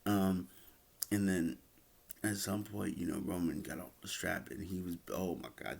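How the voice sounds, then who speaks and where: A man's voice: low voice, gravelly, husky. A man giving a casual, rambling review of a wrestling event, with many fillers and restarts.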